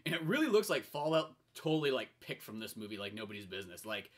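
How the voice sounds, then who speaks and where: Fast, animated young man recapping a film. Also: on the low side. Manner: rambling, excitable, many fillers, acts out voices and laughs. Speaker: podcast co-host. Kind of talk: casual chat, retelling a film plot.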